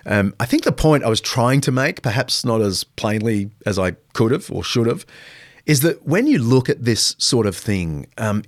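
Expressive male podcast host. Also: medium pitch, no echo, studio quality. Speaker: podcast host answering listener questions. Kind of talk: reflective Q&A answers.

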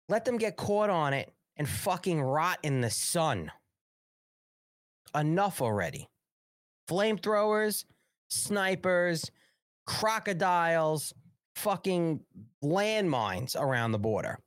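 A man's voice: a little high, big pitch swings, takes it slowly, long pauses, no room sound, clean studio sound. A man hosting a live political talk show, ranting angrily with heavy profanity. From New York. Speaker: host.

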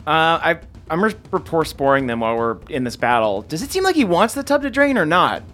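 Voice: mid-range voice, big pitch swings, brisk, fairly bright tone, soft background music. A tabletop game player who talks hesitantly and asks a lot of questions. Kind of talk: casual tabletop game chat.

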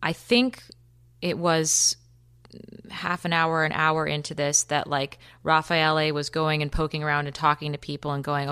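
A woman in her thirties, a podcast guest, retelling events quickly and vividly, acting out what people said. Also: low-pitched, little pitch movement, a bit bright, smooth. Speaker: interview guest. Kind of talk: recounting a personal story.

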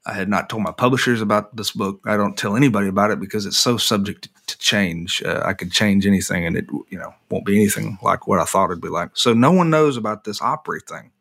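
A bright-voiced man telling a story. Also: on the low side, fast talker, gravelly, few pauses. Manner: animated, self-deprecating storyteller with frequent restarts. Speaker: author guest. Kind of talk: storytelling in an interview.

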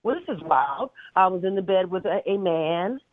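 A woman's voice: fairly low pitch, expressive, dry recording. Woman caller on a tinny phone line. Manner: fast, chatty storyteller. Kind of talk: telling a dream on a call-in show.

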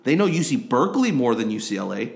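A young man who grew up in Korea talks sports in a loose, casual podcast chat. He rambles, leans on "like" and "um", and circles back over the same phrases before landing his point. His voice sits at an ordinary middle pitch. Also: very animated, fast, gravelly. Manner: rambling, filler-heavy, repeats himself. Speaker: podcast co-host.

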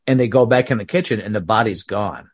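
A podcast host, a man, casually rambles through film scenes during a movie discussion chat, leaning heavily on the word "like." His voice is lowish with a breathy edge, and he talks quickly.

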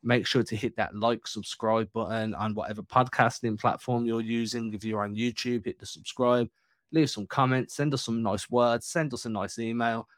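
A man's voice: medium pitch, fairly even intonation, normal speed, dry recording. A man, co-hosting a sports podcast in loose, chatty talk full of fillers. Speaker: podcast co-host. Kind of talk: casual chat.

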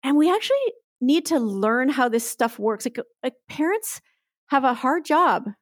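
A woman's voice: high voice, expressive, normal speed, no echo, clean studio sound. A woman, explaining earnestly in a podcast interview, often tagging lines with "right?". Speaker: guest expert.

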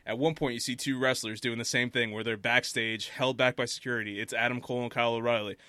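Bright-voiced man telling wrestling stories. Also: medium pitch, fast, no echo. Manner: animated storytelling, laughs often. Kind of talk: casual chat.

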